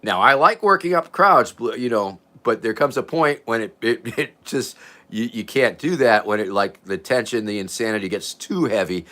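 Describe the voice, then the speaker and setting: An older man hosting a casual livestream, rambling and chuckling as he reads out viewer comments, his voice drifting from loud to quiet. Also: on the low side, animated, moderate pace. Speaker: livestream host.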